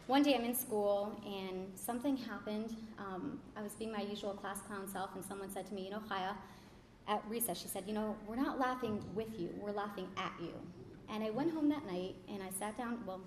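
A woman's voice: mid-range voice, a little hiss or hum. A young adult woman candidly telling her life story in a casual way, with many fillers and restarts. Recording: roomy echo with faint ambience.

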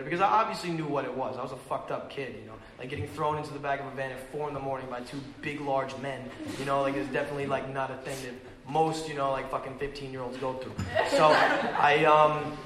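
A young man telling his recovery story at a meeting, swearing and rambling, with lots of fillers. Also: mid-range voice. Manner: profane, rambling, loose storytelling with frequent fillers. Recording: echoey room with faint ambience.

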